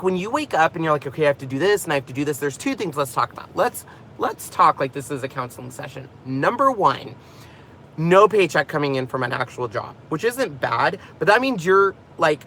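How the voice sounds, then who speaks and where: A man's voice: high-pitched, bright, forceful tone, slight background noise. A man hosting a crafting channel, chatting casually and rambling off on tangents from inside his car in his garage. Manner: laughs often and jokes about himself. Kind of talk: casual vlog chat.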